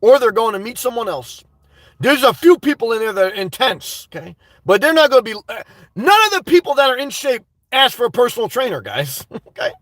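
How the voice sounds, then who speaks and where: High-voiced, animated man on a livestream. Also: a little fast, dry recording, studio quality. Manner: animated, profane, loud outbursts. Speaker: livestream host. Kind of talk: casual livestream monologue.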